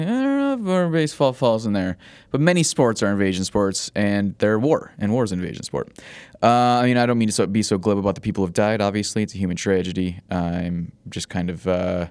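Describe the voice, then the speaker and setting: A man talks through his one-man sports show alone, mid-pitched and loose, joking and swearing as he restarts his sentences. The recording is dry and close with almost no room sound. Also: dry recording. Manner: rambling, glib and profane, with many restarts. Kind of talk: casual solo podcast monologue.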